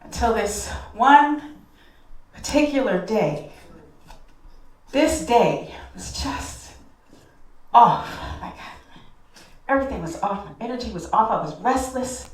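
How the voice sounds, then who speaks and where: A woman's voice: a little high, animated, slow pace, pauses often. Heartfelt woman storyteller in an echoey hall. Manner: heartfelt, addresses the audience directly. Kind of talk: live personal storytelling. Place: stage in a hall. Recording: echoey hall, distant mic.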